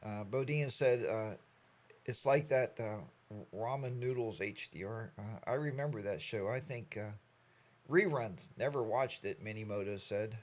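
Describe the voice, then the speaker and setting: A man's voice: on the low side, measured pace. A man in his sixties hosting a casual live stream, rambling and joking as he greets viewers by name. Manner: rambling, jokey, animated storytelling.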